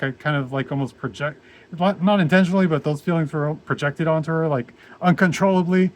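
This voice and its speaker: Halting, rambling man telling a story. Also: fairly high pitch. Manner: halting, rambling, many restarts and fillers. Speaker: vlogger. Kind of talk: casual personal storytelling.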